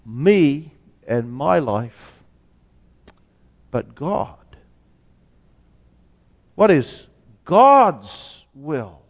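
A man preaching a sermon as pastor, slow and deliberate, asking rhetorical questions. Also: on the high side, a little mellow. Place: church sanctuary. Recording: long church reverb.

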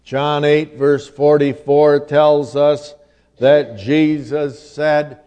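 A male preacher delivering a sermon in a deliberate, emphatic manner and quoting scripture in old-fashioned wording. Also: on the high side, little pitch movement, dark tone, clear, resonant tone, dull audio. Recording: long hall reverb.

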